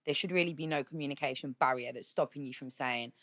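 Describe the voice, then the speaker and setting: A woman's voice: extremely low pitch, fast, a bit bright. A woman chatting casually on a podcast, blunt and candid, swearing freely as she talks about dating.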